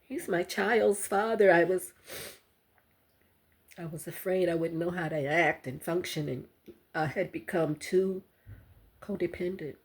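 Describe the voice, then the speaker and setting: An older woman vlogger giving a halting, heartfelt personal account to her viewers. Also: on the low side, breathy edge. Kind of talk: emotional personal testimony to camera.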